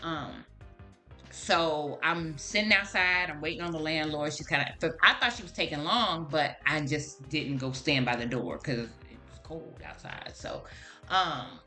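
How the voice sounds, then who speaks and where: A woman with a low yet bright, forceful voice tells a casual story to the camera, calling her viewers "y'all" as she goes. She bursts into animated exclamations, and faint music plays behind her. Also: a little slow. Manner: chatty, talks straight to viewers as "y'all". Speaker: vlogger.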